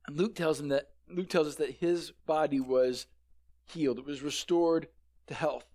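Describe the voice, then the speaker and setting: A man preaching a sermon in an animated, conversational way, often repeating words as he starts a sentence, on a headset microphone. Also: on the high side, moderate pace.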